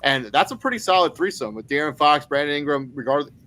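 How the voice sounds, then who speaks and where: A man co-hosting a sports podcast, laying out trade scenarios in a steady, explaining way, often saying "I mean". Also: on the high side, fast, poor audio. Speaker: podcast co-host. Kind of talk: casual sports talk.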